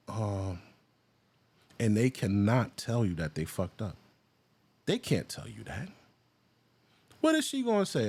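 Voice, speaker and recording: A man hosting a reaction video, giving casual, profane commentary that jumps into a high, excited voice. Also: measured pace, pauses often, slightly rough.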